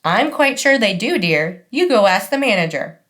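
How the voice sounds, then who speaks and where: A woman's voice: medium pitch, big pitch swings, moderate pace, a bit bright. A woman voicing a proper, formal older grandmother who scolds politely, in an audiobook. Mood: prim. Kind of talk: audiobook character voice.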